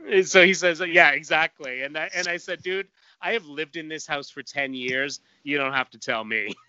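A man's voice: on the high side, normal speed, bright, forceful tone, lo-fi sound. A man chatting casually on a podcast, telling a long story full of fillers and restarts. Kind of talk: casual chat.

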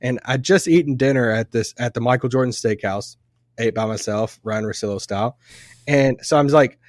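A man's voice: medium pitch, moderate pace, no room sound, clean studio sound. A man co-hosting a podcast, telling a rambling story in casual chat with frequent laughs and restarts. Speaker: podcast co-host. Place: event venue, recorded live on site.

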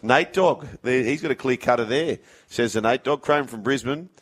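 A man's voice: mid-range voice, moderate pace. A man hosting a sports radio show, chatting casually and reading out listener messages. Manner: chatty, reads out listener messages and phone numbers. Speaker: radio host.

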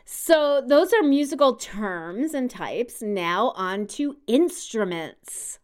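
Brief: smooth-voiced woman co-host, lively pitch, teacherly and explanatory. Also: slow pace. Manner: explanatory, musical-teacher tone, sings out examples. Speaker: podcast co-host. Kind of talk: casual podcast chat.

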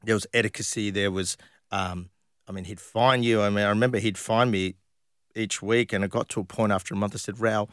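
A man with an Australian accent recounts his football days in a relaxed, chatty way, full of "um"s, restarts and animated asides. His voice sits low and the sound is dry and close, with no room behind it. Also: fairly quick, no echo. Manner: animated anecdotes with many fillers and restarts. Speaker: guest, former professional footballer. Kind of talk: casual storytelling interview.

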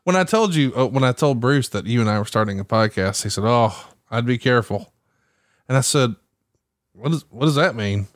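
A man with a middle-pitched voice leads the chat, asking questions and ribbing his co-host. His voice is recorded dry and close, with no room sound. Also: expressive, fairly quick, dry recording. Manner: teasing, chatty questioner. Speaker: podcast co-host, interviewer. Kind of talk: casual interview chat.

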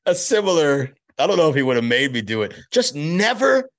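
A man who is a podcast guest telling a story in casual chat, animated and laughing often. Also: on the high side, brisk, hardly any pauses. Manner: animated, laughing, slips into impressions.

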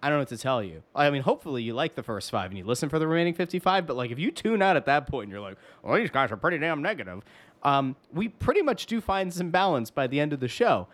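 Animated male podcast co-host ranting. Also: a little high, fast talker, hardly any pauses. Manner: animated, mock-indignant ranting. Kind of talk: casual podcast chat.

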